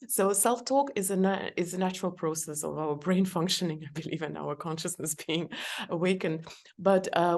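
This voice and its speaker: Middle-aged female podcast guest with a gravelly, lowish voice, chatty and given to laughter. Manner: warm, laughs often, gives practical advice. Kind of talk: podcast conversation.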